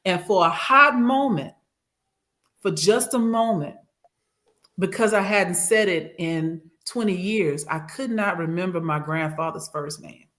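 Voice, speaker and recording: A woman recounting a personal trip in casual podcast chat, animated and acting out what others said, on a studio microphone. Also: on the low side, a little slow. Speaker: regular co-host and guest.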